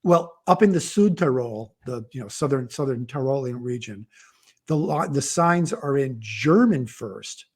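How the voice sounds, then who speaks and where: A man's voice: medium pitch, animated, measured pace, darkish tone, husky. Rambling middle-aged man telling stories. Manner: rambling, self-interrupting storyteller. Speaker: author guest. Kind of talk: casual livestream chat.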